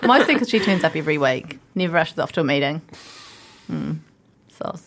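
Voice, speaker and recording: A woman's voice: sits low, expressive, normal speed. Bubbly New Zealand woman hosting a podcast. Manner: bubbly, laughs often. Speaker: podcast host. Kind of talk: casual chat. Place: podcast studio.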